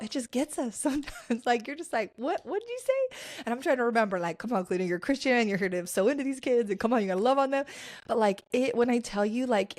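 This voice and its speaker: A woman's voice: mid-range voice, a little mellow. A young woman hosting a podcast, telling a personal story in a chatty way and acting out the voices of the people she quotes. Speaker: podcast host.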